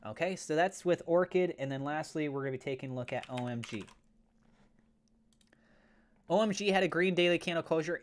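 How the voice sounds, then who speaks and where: A man hosting a crypto channel, talking through price levels on charts in a steady way, with fillers like uh. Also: medium pitch. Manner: mock-gushing and over the top when praising. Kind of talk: chart analysis commentary.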